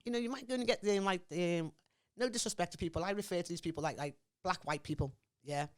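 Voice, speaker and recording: A woman's voice: lowish voice, fast. A woman in her forties with a Scouse accent, speaking as an interview guest in a forthright, emphatic way. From Liverpool, England. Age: 40s. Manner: emphatic, forthright, often asks "you understand me?". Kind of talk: impassioned interview talk.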